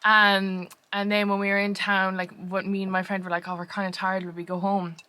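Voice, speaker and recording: Chatty young Irish woman, bright voice. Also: medium pitch, flat delivery, fairly quick. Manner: chatty, rambling storyteller with many fillers. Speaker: podcast co-host. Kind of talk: casual chat.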